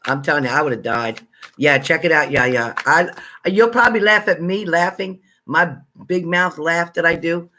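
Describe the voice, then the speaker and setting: A man hosting a casual livestream, chatting with viewers and greeting them by name, excitable and exclamatory. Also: on the high side. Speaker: livestream psychic reader. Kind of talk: casual live chat with viewers.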